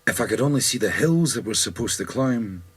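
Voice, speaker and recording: Scottish Highlander, lost in space, husky voice, slow ad-libbed musing, concept album. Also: male voice, expressive, fairly bright tone, full character voice. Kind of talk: spoken ad-lib on a concept album.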